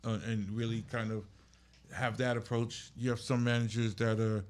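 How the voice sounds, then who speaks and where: A man's voice: mid-range voice, level tone, normal speed, darkish tone. A man, a music manager and podcast guest, telling blunt stories in casual chat. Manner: blunt, storytelling with laughs.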